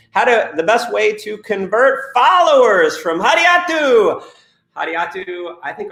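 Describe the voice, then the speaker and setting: A man coaching network marketers in a live question-and-answer session. He talks in an energetic, motivational way and reads out viewer questions. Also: fairly high pitch, reverberant.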